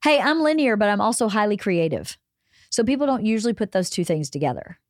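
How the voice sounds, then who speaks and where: A middle-aged woman hosting a casual family chat, giving calm, gently lecturing advice. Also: medium pitch, brisk, dry recording, clean studio sound. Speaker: podcast host and mother.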